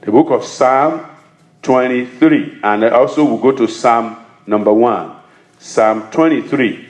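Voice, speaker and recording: A man's voice: mid-range voice, slow, roomy sound. A man preaching a sermon as pastor, reading scripture and asking his congregation questions he answers himself.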